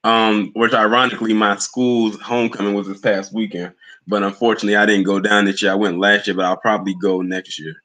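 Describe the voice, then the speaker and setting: Bright-voiced man chatting on a livestream. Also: lowish voice, flat delivery, brisk, poor audio. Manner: loose, chatty, greets commenters by name. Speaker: livestream host. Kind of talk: casual live chat with viewers.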